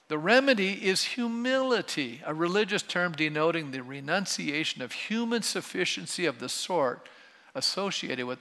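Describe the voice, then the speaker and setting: A male pastor delivers a sermon in a chatty preaching style, keeping his listeners involved by often asking them questions. His voice is fairly high for a man and gravelly, with a forceful, bright edge. A long reverb from the big church sanctuary trails after his words. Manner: conversational preaching, polling the congregation with questions.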